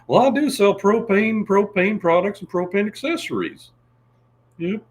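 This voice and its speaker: A man imitating a slow, fussy middle-aged cartoon propane salesman. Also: high-pitched, expressive, voice pushed up. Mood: folksy.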